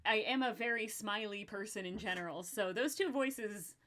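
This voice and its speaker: A young woman hosting a relaxed podcast chat, with a slight natural vocal fry in her mid-pitched voice. She is animated, laughs often and swears casually as she talks. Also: normal speed. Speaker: podcast host.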